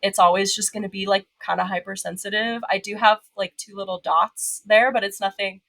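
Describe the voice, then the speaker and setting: A woman's voice: medium pitch, a little fast. Laughing woman telling her own story. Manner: animated, laughs at herself, quotes others. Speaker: podcast guest. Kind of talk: casual storytelling.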